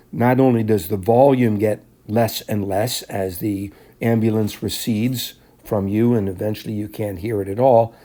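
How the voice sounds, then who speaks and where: A man with a somewhat low, warm and mellow voice delivers a classroom lecture. He explains each point step by step in a measured way, pausing now and then to clear his throat. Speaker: teacher.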